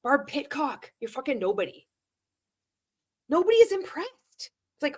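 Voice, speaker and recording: A woman's voice: high voice, very animated, normal speed. A woman giving sarcastic reaction commentary, profane and mocking, laughing often and mimicking sales scripts.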